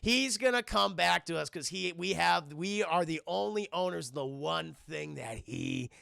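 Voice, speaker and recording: A man plays a scheming gangster boss, gravelly and cursing as he lays out orders. The voice sits high and sounds sharp. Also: lively intonation, moderate pace, no room sound, studio quality, full character voice. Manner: gruff, profane, casual paraphrase.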